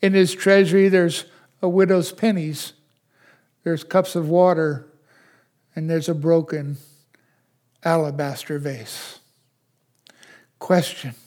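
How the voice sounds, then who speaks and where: An older man preaching a sermon as pastor, asking his listeners question after question and dropping to a hush at times. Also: on the high side, fairly even intonation. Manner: slow, questioning preacher who swings from loud to hushed.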